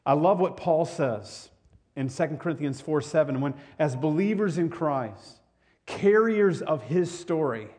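A man's voice: on the high side, lively intonation, measured pace, darkish tone. A male pastor preaching a sermon to his congregation in a conversational way, often repeating words and asking the listeners questions.

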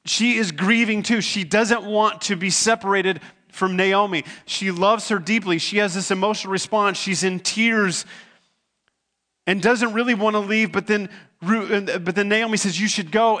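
A man's voice: high-pitched, fairly even intonation, unhurried, bright, forceful tone. A man preaching a sermon as pastor. He retells a scripture story in his own conversational words, earnest and stumbling now and then over repeated words.

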